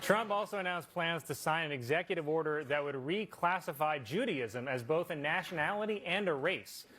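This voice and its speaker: Guy doing joke headlines at a news desk, kinda high voice, snappy setup punchline, lots of noise in the background. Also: expressive, moderate pace. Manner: crisp setup-punchline delivery. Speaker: comedy news anchor. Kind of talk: satirical news desk jokes.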